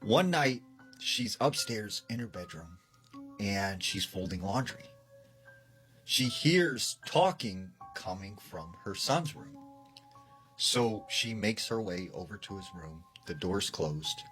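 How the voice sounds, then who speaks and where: A man's voice: fairly low pitch, a bit bright. A man retelling a creepy story in a loose, casual way, full of "like" and "you know". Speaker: narrator of a scary story.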